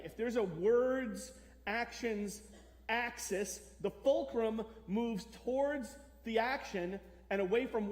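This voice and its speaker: A man's voice: high-pitched, darkish tone. A man preaching a sermon as pastor, talking conversationally and putting questions to the congregation. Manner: conversational, asks the audience questions. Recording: echoey church hall.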